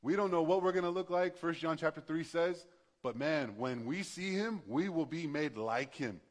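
A man's voice: a little high, normal speed. A male pastor preaching a sermon in a conversational, passionate way, building to emphatic bursts.

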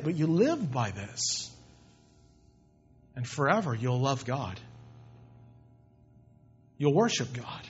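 Husky-voiced preacher guy getting emphatic, kinda muffled lo-fi sound. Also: high-pitched. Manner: emphatic, swings loud and soft, repeats for emphasis. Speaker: pastor. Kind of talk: sermon. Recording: dull lo-fi recording.

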